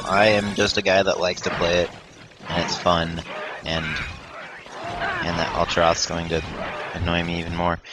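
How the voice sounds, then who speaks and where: A let's play commentator rambles through a video game in a lowish male voice, running himself down and filling the talk with fillers and false starts. It's casual gameplay commentary, with background noise and game music under his voice.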